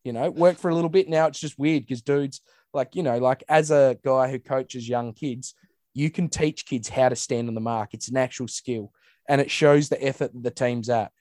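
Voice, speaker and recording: Casting note: Australian bloke, blunt sweary ranter, dry close-mic sound. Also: male voice, medium pitch, normal speed, darkish tone, no room sound. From Western Australia. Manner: ranting, blunt and sweary, mimics people in raised voices. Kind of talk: casual chat.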